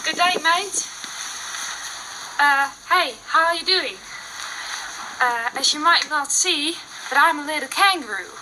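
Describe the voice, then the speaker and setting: A woman's voice: sits high, animated, a little slow, pauses often. A young woman with a Dutch accent voicing a chatty, friendly little kangaroo joey, hesitating with fillers. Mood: cheerful. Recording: noisy phone-filmed playback.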